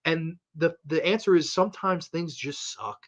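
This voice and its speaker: A man hosting a podcast, giving a casual horror film review in an animated, rambling, profane way. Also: on the high side, moderate pace. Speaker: horror movie podcast host.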